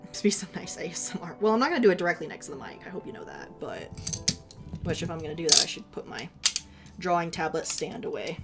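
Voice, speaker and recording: A woman's voice: lowish voice, big pitch swings, fast, creaky, over loud music. Giggly chatty young woman streamer. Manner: giggly, chatty, self-deprecating. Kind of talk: casual live-stream chat.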